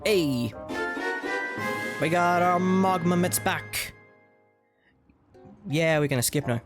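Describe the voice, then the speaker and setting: A man streaming a video game, chatting in a fast, rambling way and laughing often. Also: a little high. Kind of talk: casual gaming livestream commentary. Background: game music.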